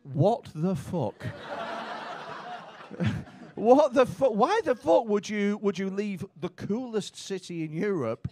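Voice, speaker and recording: A man's voice: high voice, a little slow, darkish tone, no room sound. A young man doing stand-up crowd work, brash and teasing, with plenty of swearing, on a comedy club stage. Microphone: handheld stage mic.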